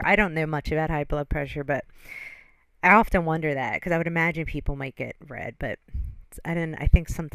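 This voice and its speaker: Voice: medium pitch, fairly bright tone, no room sound. A reaction channel host giving casual, judgmental commentary on a video and reading chat comments aloud.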